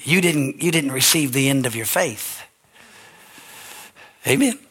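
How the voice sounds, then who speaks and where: An older man, a pastor, preaching an earnest, emotional sermon that swings from quiet to shouting. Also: medium pitch, moderate pace, slightly rough.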